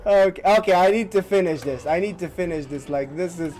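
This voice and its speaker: A man's voice: sits high, a little fast, hardly any pauses, over loud music. A male gaming streamer commentating on gameplay, breaking into helpless hysterical laughter to the point of tears and swearing as he talks.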